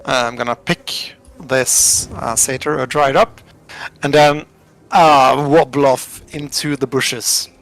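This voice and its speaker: A man playing a tabletop game who talks in a halting, casual way, laughing often. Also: medium pitch, steady tone, gravelly, fairly bright tone. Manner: halting, laughing, many fillers. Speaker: player.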